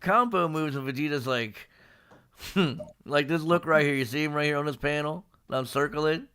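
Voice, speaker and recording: A man hosting a casual manga discussion, retelling scenes in a lively way and slipping into quick character voices. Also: a little high, clean tone. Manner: animated, acts out characters' lines in quick impressions. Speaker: podcast host.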